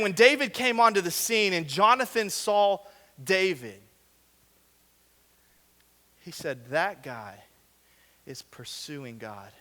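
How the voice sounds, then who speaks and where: A young man giving a casual, joking sermon to young adults and an audience in a large hall. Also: high voice. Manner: joking, conversational, with animated voiced asides. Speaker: young adult ministry director. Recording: long hall reverb.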